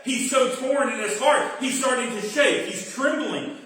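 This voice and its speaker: A man's voice: extremely high pitch, a little slow, hardly any pauses, sharp tone. A male pastor teaching a Bible study sermon in a dramatic, explanatory way. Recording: very echoey hall from far off.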